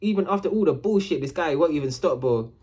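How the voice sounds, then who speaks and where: Animated swearing young man. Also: a little high, quick pace. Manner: swearing, animated, repeats "bro" and "I'm like". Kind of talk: casual storytelling rant.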